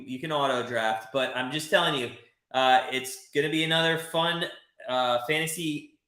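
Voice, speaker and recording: Excitable man hosting a game watch party. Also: on the high side, reverberant. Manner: excitable, chatty, swears, reads chat. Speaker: livestream host. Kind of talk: live watch-party commentary.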